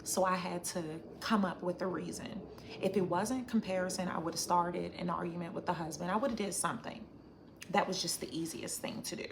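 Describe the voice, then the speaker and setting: A woman hosting a casual livestream, reading viewer comments aloud and reflecting in a chatty, thinking-out-loud way. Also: lowish voice, fairly even intonation, brisk, vocal fry, noisy background. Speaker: livestream host.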